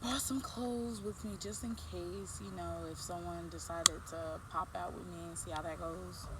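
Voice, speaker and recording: A woman's voice: lowish voice, fairly even intonation, unhurried, heavy background noise. A woman vlogger telling a casual storytime, rambling with lots of fillers and restarts.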